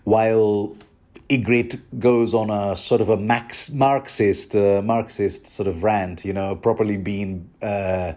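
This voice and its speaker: A man talks through a book chapter in a loose, rambling way, cracking jokes as he goes. His voice is mellow and soft-edged, and he often trips over words and starts again. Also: on the low side, fairly even intonation, slow. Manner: chatty, joking, stumbling restarts. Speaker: book commentator. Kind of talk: rambling casual commentary.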